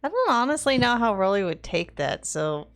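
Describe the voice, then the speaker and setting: A woman's voice: a little high, very animated, moderate pace. A woman chatting casually as a player at a tabletop game, with laughing asides.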